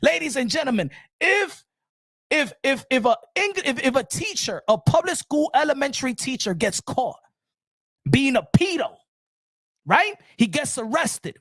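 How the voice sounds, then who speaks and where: A man's voice: very high-pitched, sing-song, normal speed, a bit bright, dry recording. Emphatic boxing commentator man, dry sound. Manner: emphatic, repetitive, asks the chat and answers himself. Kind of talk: animated solo commentary to viewers.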